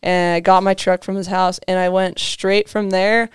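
Very clear-voiced young woman telling stories. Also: lowish voice, flat delivery, moderate pace, no echo, studio quality. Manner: storytelling, heavy use of "like" fillers, laughs often. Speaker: podcast guest, motocross racer. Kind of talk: casual chat.

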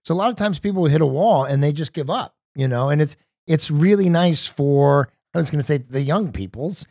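An older man co-hosting a podcast, talking in a casual, halting way with many you-knows and uhs. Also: on the high side, dark tone, no echo, clean studio sound. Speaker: podcast co-host.

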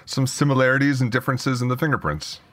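Male podcast guest, friendly, mid-pitch, explanatory. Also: lively intonation, quick pace, fairly bright tone. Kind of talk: casual chat.

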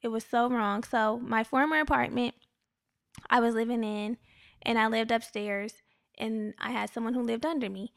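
Young woman co-host, high-pitched, earnest and chatty, with a dry close sound. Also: steady tone, normal speed, vocal fry, dry recording. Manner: earnest, faith-minded, chatty with restarts. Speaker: podcast co-host. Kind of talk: casual spiritual self-help chat.

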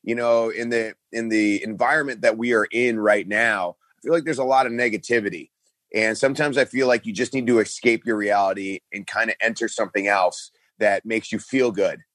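A middle-aged man talking casually as an interview guest, his voice sitting on the low side. He tells stories with lots of energy and acts out the quotes in other voices. The sound is dry and close. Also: steady tone, fairly quick, fairly bright tone, dry recording. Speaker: guest, pro wrestling star.

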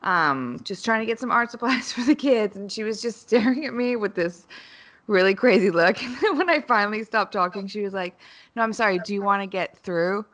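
A woman's voice: medium pitch, lively intonation, a little fast, fairly bright tone. A pregnant woman telling a self-deprecating story among friends, rambling with lots of fillers.

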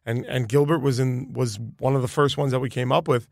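A man who is a comedian guest, telling a story in relaxed, chatty podcast talk. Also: mid-range voice, brisk, creaky, no room sound, studio quality.

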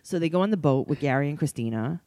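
Low-voiced woman cracking blunt jokes. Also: lively intonation, quick pace, warm tone, dry recording. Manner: blunt, joking, profane. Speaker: podcast co-host. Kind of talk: casual chat about reality TV.

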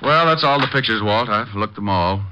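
A man's voice: on the low side, animated, normal speed, lo-fi sound, background noise, close to an everyday voice. An actor playing a cool, wisecracking male private detective in a 1940s radio drama. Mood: wry. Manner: wisecracking, breezy.

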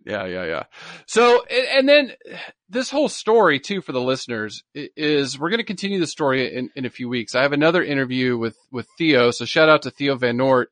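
Excited man hosting a podcast. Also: medium pitch, brisk, dry recording. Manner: enthusiastic, repeats words in bursts. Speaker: podcast co-host. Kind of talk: casual podcast chat.

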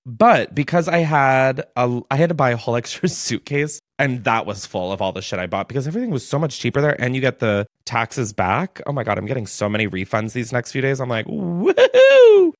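A young man hosts a casual storytime podcast, chatting in a loose, gossipy way and scattering "like" through every sentence. His voice sits at an ordinary pitch for a man. The sound is dry and close, with no room echo. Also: a little fast, hardly any pauses. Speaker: podcast host.

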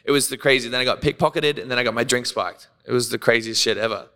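Australian male guest, bright and crisp, profane and animated storyteller, reverby room. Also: mid-range voice, fast. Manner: animated, profane, laughs often, acts out quotes. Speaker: podcast guest. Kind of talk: casual storytelling.

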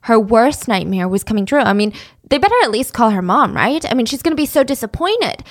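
A woman telling a story in a chatty, animated way with dramatic asides. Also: a little high, brisk. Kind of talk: casual storytelling.

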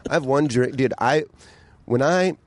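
A man's voice: mid-range voice, normal speed, dry recording. A man talking as a podcast guest in casual chat, candid and blunt, swearing and acting out quotes.

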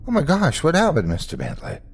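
A man's voice: medium pitch, huge pitch swings, fairly quick, gravelly, darkish tone, breathy edge, exaggerated voice. A man playing a friendly young woman office worker who speaks with eager concern.

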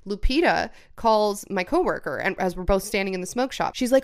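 A young woman co-hosting a podcast, telling a story in casual chat, animated, swearing often and acting out what people said. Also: medium pitch, a little fast. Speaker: podcast co-host.

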